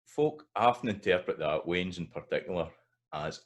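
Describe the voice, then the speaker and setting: A Scottish man explaining pronunciation in a video lesson, pausing with fillers and repeating example words slowly. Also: low voice, expressive. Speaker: language teacher.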